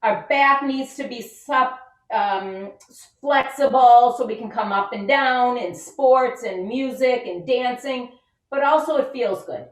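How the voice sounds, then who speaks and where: High, unhurried woman leading kids' yoga. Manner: upbeat, encouraging, gives simple step-by-step instructions. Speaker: children's yoga instructor. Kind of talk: guided kids' yoga and mindfulness lesson. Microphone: camera set back from her. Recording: roomy sound from a distant mic.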